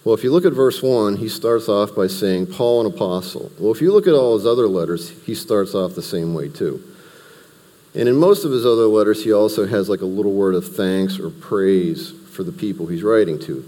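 Male Bible teacher, low dark voice, relaxed conversational teaching, reverberant hall. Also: normal speed. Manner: conversational, explains verse by verse with restarts and asides.

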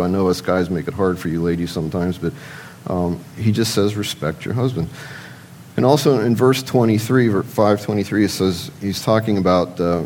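Deep-voiced man preaching a conversational sermon. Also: darkish tone, a little hiss or hum, low-quality recording. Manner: conversational, asks rhetorical questions and answers them; addresses the men in the audience directly.

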